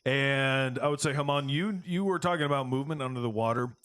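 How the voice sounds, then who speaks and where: A man running a tabletop game as game master, describing scenes casually with halting fillers. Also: mid-range voice, fairly bright tone, no echo, studio quality.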